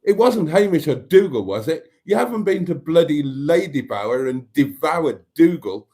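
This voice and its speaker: On a casual live stream, a man chats away, reading viewer comments aloud and greeting people by name. His voice sits fairly high and is mellow yet husky, very animated, at a moderate pace.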